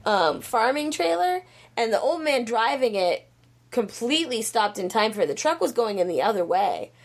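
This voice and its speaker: A woman's voice: a little high, big pitch swings, normal speed. A woman putting on the lines of a smug, airheaded young goddess who brushes things off, in a casual retelling. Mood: breezy dismissive. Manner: breezy, dismissive, giggly.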